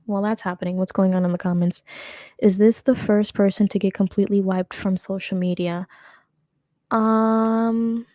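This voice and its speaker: A woman's voice: mid-range voice, steady tone, normal speed, warm tone, no room sound, clean studio sound. A young woman hosting a casual reaction commentary, sarcastic and rambling, often laughing as she talks. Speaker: commentary host.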